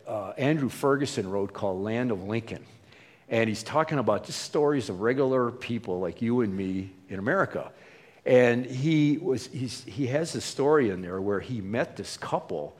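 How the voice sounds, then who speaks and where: Husky-voiced man preaching in a hall. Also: mid-range voice, animated, moderate pace, a little mellow. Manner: conversational storytelling with fillers and restarts. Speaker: pastor. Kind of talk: sermon.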